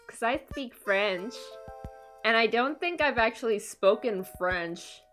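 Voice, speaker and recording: A woman's voice: on the high side, lively intonation, slow, fairly bright tone, soft background music. A young woman from Canada chatting casually on a live stream, laughing often and answering her chat.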